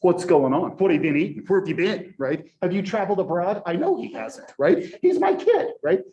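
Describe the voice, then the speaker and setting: A man in his forties, a college professor, telling a story to his class in a chatty, animated way and tagging nearly every sentence with a rhetorical question. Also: high-pitched, fairly quick, lo-fi sound. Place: lecture classroom. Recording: echoey classroom recording.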